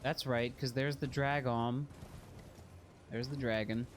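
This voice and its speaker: A man's voice: mid-range voice, steady tone, slow pace, a little hiss or hum. A man casually chatting while streaming a video game, rambling and joking at his own expense. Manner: rambling, self-deprecating, jokey. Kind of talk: casual gameplay chat.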